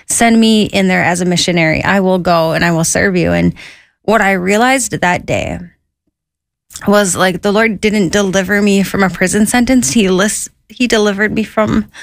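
A woman's voice: medium pitch, vocal fry, no echo, studio quality. A woman recounting her own life story in a conversational way, acting out the quoted voices of others. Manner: lively, quotes herself and others in an animated voice. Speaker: guest sharing her testimony.

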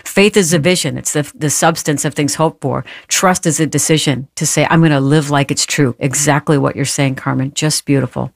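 A woman's voice: low-pitched, fairly even intonation, fairly quick, vocal fry, few pauses, no room sound, clean studio sound. A woman guest author on a faith radio show, talking in an emphatic, affirming, preacherly way.

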